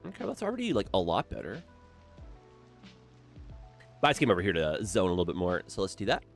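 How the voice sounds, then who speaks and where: A man's voice: low voice, fast, faint music behind. Stuffy-nosed man streaming a game. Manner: relaxed thinking aloud. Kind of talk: casual gameplay commentary.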